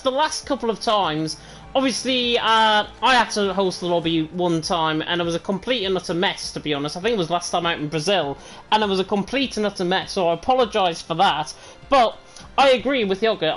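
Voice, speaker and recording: A man's voice: high-pitched, a bit bright. A man with a northern English accent, commentating live before an esports race, fluent and leaning on "of course". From northern England.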